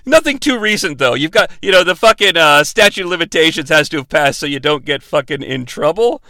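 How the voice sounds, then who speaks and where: A man's voice: on the high side, animated, a little fast, bright, forceful tone, dry recording. A young adult man hosting a sarcastic, profane comedic movie recap. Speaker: movie reviewer, host.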